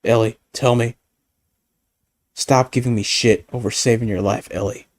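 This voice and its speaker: A man doing a quick, mocking impression of a gruff, annoyed middle-aged Southern father figure who swears as he drawls. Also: medium pitch, fairly even intonation, no echo, lightly acted.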